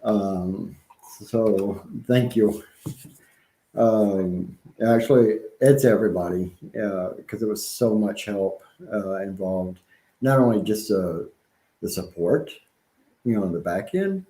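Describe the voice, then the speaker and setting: A man with a slight Southern accent talks slowly in a low voice, co-hosting a casual live-stream chat. He rambles and halts, with frequent ums and restarts. His voice rings in an echoey room. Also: dark tone. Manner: rambling, halting, many ums and restarts, chuckles often.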